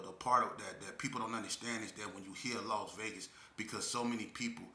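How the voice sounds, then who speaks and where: Bright-voiced man telling street stories. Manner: animated, drops low and slow when grieving. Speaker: storyteller vlogger. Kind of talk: casual storytelling. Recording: echoey room.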